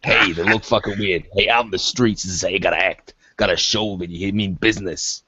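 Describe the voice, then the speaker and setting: A man's voice: deep voice, fairly even intonation, a little fast, sharp tone, slightly rough, dry recording, heavily acted. A man voicing a callous, foul-mouthed female street gangster in a tabletop role-play. He plays her swaggering, profane and threatening, on a slightly muffled recording. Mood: menacing.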